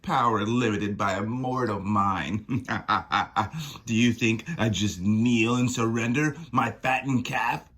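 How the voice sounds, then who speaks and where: A man's voice: lowish voice, slow, a bit bright, breathy edge, full character voice. A man voicing a cruel female nightmare demon queen who taunts and mocks with gloating laughs. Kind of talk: reading comic dialogue aloud.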